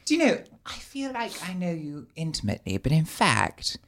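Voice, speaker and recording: A man's voice: a little high, huge pitch swings, moderate pace, vocal fry, fairly bright tone. A man hosting a casual podcast chat, with flowery, theatrical wording. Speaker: podcast host.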